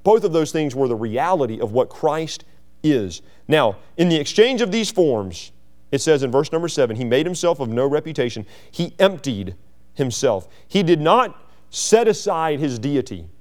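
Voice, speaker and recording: A man preaching a sermon, climbing to a high, fervent pitch when he voices scripture and then dropping low and quiet. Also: big pitch swings, normal speed. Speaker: pastor.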